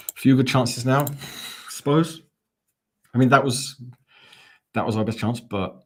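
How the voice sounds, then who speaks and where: Give me a deep, slightly husky man hosting a football watch-along, calling the action and chatting with viewers. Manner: chatty play-by-play, answering viewer comments. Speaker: fan channel host. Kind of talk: live fan watch-along commentary.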